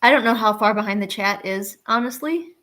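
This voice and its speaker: A woman's voice: on the high side, fairly quick, a bit bright. Chatty woman streaming while drawing. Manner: chatty, talks to her cats and chat. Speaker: art streamer. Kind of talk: casual live-stream chat while drawing. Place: home.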